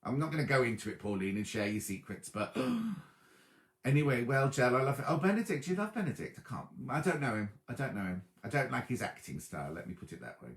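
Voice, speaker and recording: A man hosting a sewing show in a chatty, easily distracted way, reading viewer comments out loud from his sofa at home. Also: medium pitch, lively intonation, quick pace, reverberant. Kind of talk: casual livestream chat reading viewer comments.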